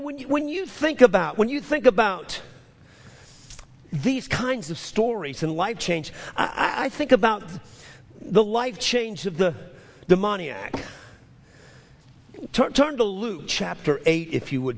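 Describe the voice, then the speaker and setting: A man preaches a sermon in a high voice, stumbling over restarts and hammering phrases through repetition. His voice rings with the long reverb of a large hall. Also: lively intonation, a little slow, gravelly. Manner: stammering restarts, emphatic repetition. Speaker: pastor.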